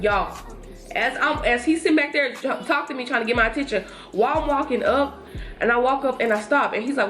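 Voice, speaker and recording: A young woman vlogger casually telling a storytime to her viewers while getting ready, chatty and animated. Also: a little high, fast talker, faint music behind.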